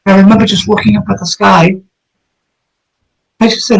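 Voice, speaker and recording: A middle-aged man from the American Northeast speaks as an interview guest. His voice sits a little high for a man. He tells his story bluntly and intensely, swearing freely. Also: little pitch movement, normal speed, vocal fry, long pauses, husky, low-quality recording. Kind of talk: emotional first-person account.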